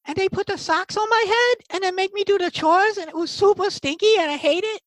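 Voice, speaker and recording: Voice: very high voice, a little fast, fairly bright tone, dry recording, pitched above the performer's own voice, low-quality recording. A game master voicing a small, timid, anxious male goblin from a tabletop game, panicky and rambling. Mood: whiny.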